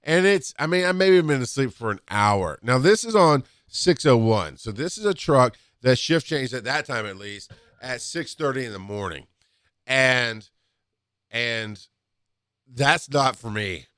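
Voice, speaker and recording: A man who used to be a paramedic tells work stories in a casual, animated way, with laughs and acted-out quotes. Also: unhurried, clean tone, dry recording, clean studio sound. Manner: animated, acts out quotes with rising pitch and laughs. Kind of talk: casual storytelling monologue.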